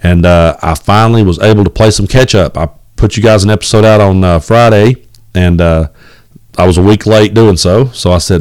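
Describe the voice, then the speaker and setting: A deep-voiced man in his forties with an East Tennessee drawl, talking into a home mic at his kitchen table. He rambles along in a folksy way and cusses freely. The sound is close and dry. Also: moderate pace, darkish tone, clear, resonant tone, dry recording. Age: 40s. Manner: rambling and folksy, with many fillers and cussing. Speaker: podcast host. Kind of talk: casual solo podcast monologue. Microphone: home recording setup.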